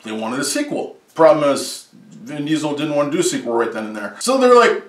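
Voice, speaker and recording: A man's voice: on the high side, sing-song, brisk, echoey room, distant mic. A man hosting a comedic top-list movie review, sarcastic and full of jokey asides.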